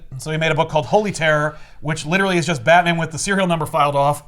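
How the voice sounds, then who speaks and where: A man's voice: fairly high pitch, rapid-fire. A man talking casually about comic books, retelling the story with energy and acting out the characters' lines. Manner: animated storyteller, acts out quoted lines. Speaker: podcast host. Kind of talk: casual comic book discussion.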